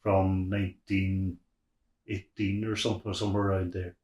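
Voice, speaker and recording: Low-voiced man asking questions. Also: level tone, normal speed, darkish tone. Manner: prompting, laughing through anecdotes. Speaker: interviewer, family member. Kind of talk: casual chat. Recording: roomy echo.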